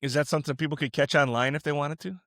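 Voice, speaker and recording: A man hosting a Christian podcast, talking in a relaxed, chatty way and musing aloud with restarts. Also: on the high side, rapid-fire, no room sound, clean studio sound. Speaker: podcast host. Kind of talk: casual Christian podcast interview.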